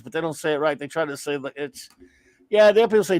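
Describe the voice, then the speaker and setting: New guy hosting a chat show, bit high pitched, rambly, dry close mic. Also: fast talker, darkish tone, no echo. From New Orleans, USA. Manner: rambling, self-interrupting, playful. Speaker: podcast host reading chat. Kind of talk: casual chat.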